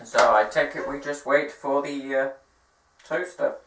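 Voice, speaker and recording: A man's voice: medium pitch, steady tone, a little slow, noisy background. A young man chatting casually and upbeat to his viewers in a vlog, poking fun at himself. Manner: chatty and upbeat, self-mocking. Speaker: vlogger. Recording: echoey room.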